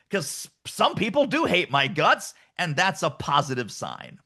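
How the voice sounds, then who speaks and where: A middle-aged man speaks in an energetic podcast interview, emphatic and animated. His voice is bright and ringing, and his pitch swings widely. He sits a little above the usual male range. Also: unhurried, few pauses. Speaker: guest author and sales coach.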